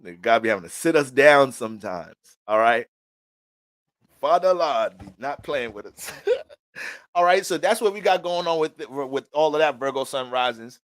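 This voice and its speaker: A male astrologer giving a casual astrology reading, animated and preachy, with heavy cursing. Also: mid-range voice, normal speed, smooth, no echo.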